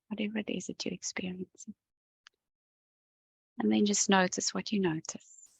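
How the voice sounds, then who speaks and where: Calm gravelly-voiced woman tapping coach. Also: medium pitch, normal speed, no room sound, low-quality recording. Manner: gentle, calm, talks the viewer through each step. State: yawning and sighing as she relaxes. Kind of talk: guided tapping session to camera.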